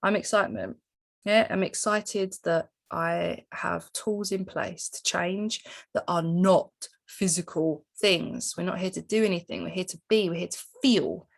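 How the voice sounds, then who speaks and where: Woman coach, slightly low voice, chatty and animated with sudden high jumps. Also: measured pace, vocal fry, no echo. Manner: animated, swoops up into high pitch for emphasis. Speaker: spiritual coach. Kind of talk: casual spiritual teaching monologue.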